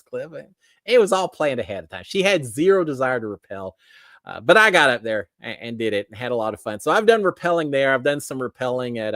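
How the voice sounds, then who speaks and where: A middle-aged man rambles through a casual livestream chat, stopping and restarting his sentences and poking fun at himself. His voice sits at an ordinary pitch. The sound is close and dry. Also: fairly bright tone, no echo. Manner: rambling, self-deprecating, many restarts. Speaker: livestream host. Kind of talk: casual chat reading viewer comments.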